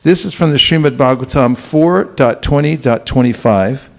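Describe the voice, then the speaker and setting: A man's voice: medium pitch, normal speed, gravelly. Conversational male spiritual teacher. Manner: conversational, questions the audience often. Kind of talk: lecture to a live audience. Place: hall with a live audience.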